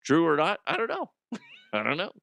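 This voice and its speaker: A middle-aged man hosting a comedic podcast monologue, telling stories animatedly and jumping into loud high exclamations. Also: wildly swooping pitch, normal speed, creaky, no room sound, clean studio sound. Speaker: podcast host.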